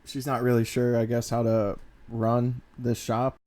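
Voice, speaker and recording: A man's voice: mid-range voice, completely flat delivery, unhurried, mellow. A man co-hosting a casual podcast, asking curious, teasing questions to prompt his partner. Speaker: podcast co-host.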